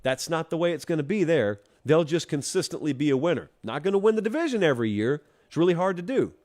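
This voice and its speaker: A man's voice: a little high, animated, quick pace, darkish tone. A man from Georgia hosting a college football talk show, giving opinionated commentary with a wry, teasing, emphatic manner as he speaks straight to the fans. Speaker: show host.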